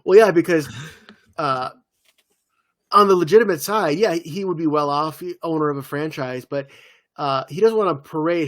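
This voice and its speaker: A podcast co-host rambles through stories in a casual chat, leaning heavily on filler words. His voice is on the high side, he speaks at a normal speed, and there's no echo.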